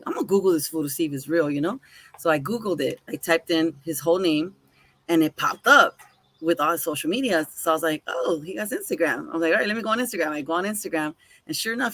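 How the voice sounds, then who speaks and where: A woman with a voice on the low side tells a story as a podcast co-host, keeping the chat casual. Animated and casually profane, she voices both sides of the conversation she's quoting. There is no echo.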